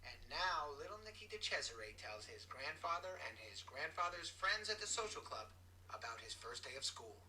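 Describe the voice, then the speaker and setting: A man doing a lively comedy-clip announcer. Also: on the high side, moderate pace, recorded from a distance, a little hiss or hum, full character voice, low-quality recording. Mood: announcing.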